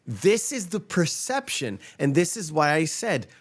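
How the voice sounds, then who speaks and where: A man's voice: on the high side, sing-song, measured pace. A man hosting a podcast in casual chat, rambling and emphatic, swearing freely. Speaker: podcast host.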